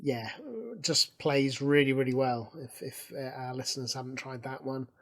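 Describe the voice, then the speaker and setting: A man's voice: medium pitch, little pitch movement, normal speed. A man co-hosting a podcast, laid-back and agreeable, chatting about old games. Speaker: podcast co-host. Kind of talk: casual retro gaming chat.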